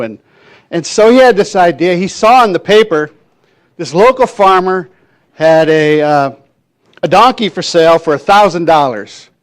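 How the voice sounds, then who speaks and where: A man preaching a sermon in a church, telling a folksy story with many fillers and pauses. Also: on the high side. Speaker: minister.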